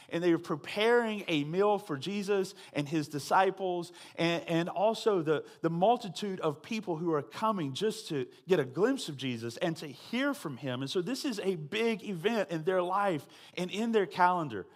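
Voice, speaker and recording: A man as pastor, high voice, chatty sermon, checks in with the congregation, dry side jokes. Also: expressive, moderate pace. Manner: conversational, with frequent tag questions to the congregation.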